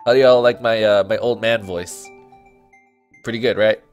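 A man's voice: fairly low pitch, fairly even intonation, normal speed, long pauses, soft background music. A man casually commenting on a farming game, joking and laughing often as he plays. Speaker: gaming channel host. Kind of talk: let's play commentary.

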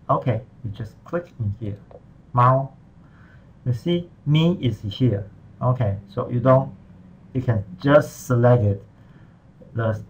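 Slow, patient male Mandarin teacher. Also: medium pitch, a bit bright, dull audio. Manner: slow, patient walkthrough with non-native English. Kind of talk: screen-recorded tutorial lesson.

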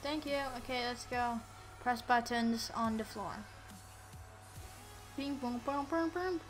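A woman giving casual let's-play commentary, excitable and playful, yelling at enemies on screen. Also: a little high, slow pace, soft background music. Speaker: gameplay commentator.

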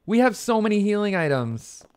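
A man's voice: high-pitched, normal speed, clear, resonant tone. A man with a Texas accent doing casual, joking commentary while he livestreams a video game. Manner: joking, excitable, swears when frustrated. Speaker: streamer.

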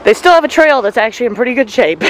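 High-voiced man vlogging on a trail. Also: animated, fairly quick, noisy background. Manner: easygoing, chuckles often, many fillers. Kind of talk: casual vlog chat. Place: outdoor nature trail.

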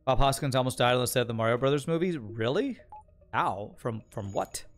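A man's voice: mid-range voice, fairly quick, soft background music. A man streaming a strategy game, chatting casually, thinking aloud and answering chat in a rambling way. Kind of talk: casual gameplay commentary, reading chat.

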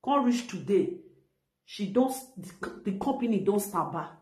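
A woman's voice: medium pitch, animated, unhurried, a little mellow, roomy sound. A middle-aged woman with a Nigerian Pidgin English accent, ranting animatedly on a live video and retelling what others said. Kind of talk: casual live-stream talk.

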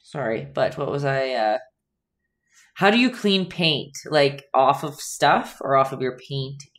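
A young woman hosts a live painting lesson, chatting casually with viewers in the chat as she works. Her voice is extremely low in pitch, with lively intonation and a slightly slow pace.

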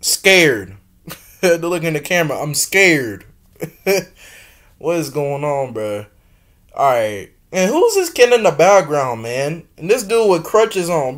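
A young man casually reacting to a music video, talking in slang, swinging between loud exclaims and low mutters, laughing often. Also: very animated, slow pace. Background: faint music from the video being watched.

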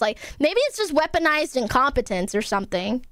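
A young woman streamer telling stories to her chat in an animated, swearing, laughing way. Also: high voice, fairly quick, no room sound, studio quality. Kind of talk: casual stream chat to viewers.

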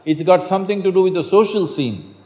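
A man's voice: sits high, expressive, fairly quick, warm tone. A man speaking as a spiritual teacher to a live audience in a large hall, emphatic and often asking the audience questions. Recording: echoey hall.

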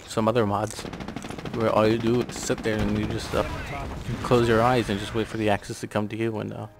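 A man's voice: fairly low pitch, level tone, brisk, noisy background. A man giving rambling, sarcastic casual commentary on a strategy game, swearing offhandedly. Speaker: gameplay commentator.

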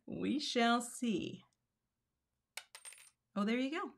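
A woman's voice: a little high, animated, very slow, creaky. A woman hosting a casual live craft demo, talking herself through each step and murmuring asides under her breath. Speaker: card-making host.

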